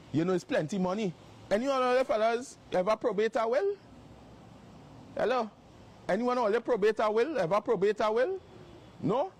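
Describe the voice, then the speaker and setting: Standing outdoors by a property, a live-stream host broadcasts an exposé on his phone in a high-pitched, a little mellow voice. His accusations are repeated and emphatic.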